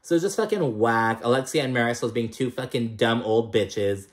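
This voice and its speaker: A young man recapping a reality show in a casual rant, swearing freely and sounding fed up with the cast. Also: normal speed. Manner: profane, exasperated, mimics cast members in higher voices.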